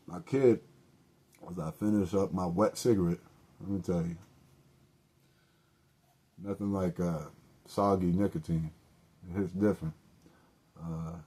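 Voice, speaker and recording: Low, mellow-voiced man telling loose stories. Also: breathy edge. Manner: loose, profane, joking asides and self-corrections. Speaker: podcast host. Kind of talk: casual solo storytelling.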